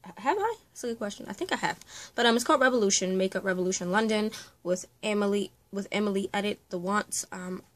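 A young woman, a makeup artist, chatting through a casual unboxing vlog, gushing and often dropping into breathy whispered exclamations. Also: medium pitch, fast talker, dry recording.

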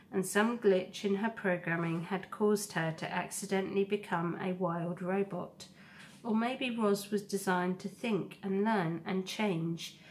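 Read it to the class slowly and evenly, keep the pitch level and don't push. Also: female voice, darkish tone, slight background noise. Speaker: teacher reading to a class. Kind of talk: reading a children's novel aloud.

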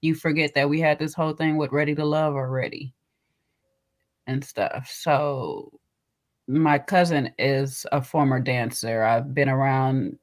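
A woman's voice: rumbling low, a little slow. A woman co-hosting a podcast in casual chat, teasing and laughing often. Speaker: podcast co-host.

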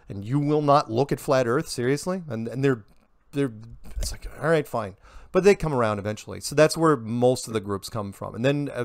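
A man giving casual, animated interview answers, full of rhetorical questions and quips. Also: medium pitch, no room sound, studio quality. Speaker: interview guest.

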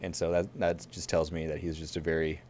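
A man co-hosts a podcast, talking in a very low voice. He rambles through a story with plenty of fillers. He breaks into laughter now and then. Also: monotone, a little fast, a little mellow, a little hiss or hum. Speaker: podcast co-host. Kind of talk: casual chat.

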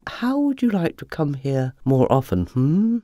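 A storyteller voicing a huge, grand male cockerel who booms slowly. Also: big pitch swings, mellow, dry recording, clean studio sound. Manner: booming, slow and grand.

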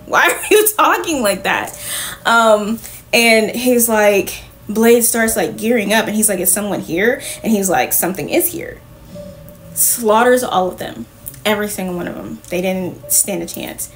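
A woman's voice: mid-range voice, unhurried, fairly bright tone, slight background noise. A woman recapping comic books for viewers in a casual, chatty way, full of "like" fillers and offhand swearing, talking straight to her audience. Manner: addresses viewers directly. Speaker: comic book reviewer.

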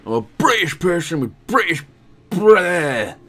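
A man's voice: high-pitched, very animated, a little slow, a bit bright, slightly rough, voice pushed up, exaggerated voice. A man putting on a boastful, over-the-top British patriot bloke as a joke, bragging in an exaggerated way. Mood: mock-proud.

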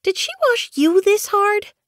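A woman's voice: very high voice, a little slow, no echo, studio quality, voice pushed up. A woman voicing Snow Kit, a young she-kitten who whines and fidgets, in an audiobook. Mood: whiny. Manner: whining, excitable. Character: high whiny she-kitten, eager and pushy. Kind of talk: audiobook character voice.

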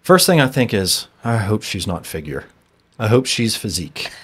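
A man hosting a podcast and coaching, talking in a relaxed, conversational way. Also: fairly low pitch, moderate pace, breathy edge. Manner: relaxed, conversational, agreeing often. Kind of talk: casual conversation.

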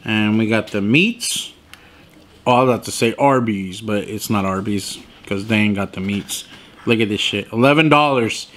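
Bright, animated young man reviewing sandwiches. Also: fairly low pitch, moderate pace. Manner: profane, animated, incredulous complaining. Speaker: food reviewer. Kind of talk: casual food review vlog.

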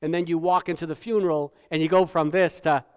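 A male pastor preaching a sermon in a conversational style, often asking "right?" and dropping to a hush for solemn points. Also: fairly high pitch, little pitch movement, fast, smooth. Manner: tag questions, repeats words. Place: church sanctuary. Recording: church hall with long reverb.

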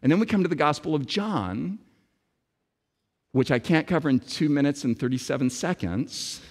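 A man preaching a sermon with emphatic delivery, dramatic pauses and repetition. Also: on the high side, lively intonation, slightly rough. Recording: long reverb of a large hall.

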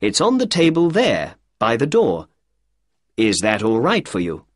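A man voicing a clever male detective with a crisp, brisk and upbeat manner. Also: medium pitch, wildly swooping pitch, no echo, studio quality.

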